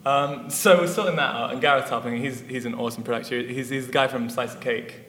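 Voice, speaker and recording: A man's voice: medium pitch, steady tone, fast talker, a bit bright. A man, a musician guest, chatting casually in an interview, rambling with lots of fillers. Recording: echoey hall with faint noise.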